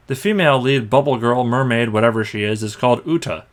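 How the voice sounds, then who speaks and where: A young man narrates a film review in a scripted voice-over. His delivery is dry and sarcastic, picking apart the story point by point. His pitch sits in an ordinary middle range. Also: brisk, few pauses. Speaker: anime movie reviewer.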